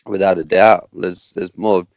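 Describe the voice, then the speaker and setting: An Australian man, a guest racer, chatting casually on a podcast in a halting, rambling way with many restarts. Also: low voice, flat delivery, creaky, a little mellow, no echo.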